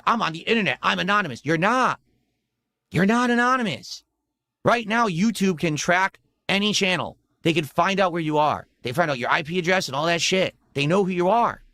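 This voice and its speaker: A man's voice: high-pitched, animated, moderate pace, sharp tone, no echo, studio quality. A man ranting heatedly on a livestream, profane and threatening. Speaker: streamer. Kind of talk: angry livestream rant.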